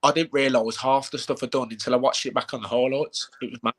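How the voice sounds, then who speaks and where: A man chats casually on a live stream, at a middling pitch, as he talks about his own fights. He tells animated stories, swears freely and acts out what people said. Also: quick pace, slightly rough. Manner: animated storyteller, heavy swearing, acts out quotes. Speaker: bare-knuckle fighter.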